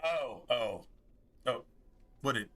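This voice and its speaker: A man's voice: mid-range voice, expressive, slow, bright, forceful tone. Rambling, profane male game streamer. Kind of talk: casual gameplay commentary.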